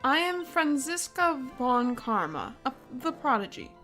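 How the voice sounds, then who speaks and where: A woman's voice: sits high, big pitch swings, pushed and bright, faint music behind, exaggerated voice. A woman voicing an arrogant young female prosecutor who talks in a cold, commanding way. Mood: haughty. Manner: haughty, cold, slow and commanding.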